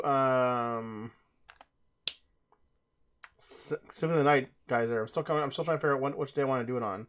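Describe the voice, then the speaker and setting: A man's voice: medium pitch, normal speed, long pauses, fairly bright tone. A young man chatting casually to viewers during a game let's play, rambling with restarts.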